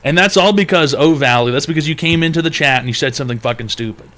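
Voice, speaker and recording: A man's voice: on the high side, fast talker, fairly bright tone. A man hosting a livestream advice show, mocking his chat in a crude, rambling comedic rant.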